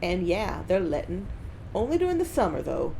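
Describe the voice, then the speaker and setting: Game NPC: a world-weary drifter woman with a drunken cartoon drawl, low and swooping, put on by a woman. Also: sing-song, moderate pace, creaky, mellow, slight background noise, rough recording.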